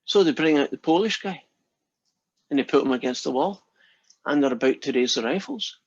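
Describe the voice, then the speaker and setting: Male instructor, easygoing raconteur, slightly husky, muffled close-miked lecture audio. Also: on the high side, animated, moderate pace, no echo. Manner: chatty storyteller, jokes with class. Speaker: math instructor. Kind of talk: lecture with a told joke.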